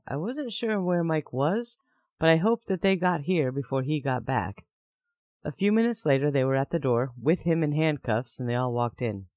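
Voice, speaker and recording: A man's voice: fairly high pitch, a little mellow, no echo, studio quality. A man narrating a first-person story in a plain, conversational way.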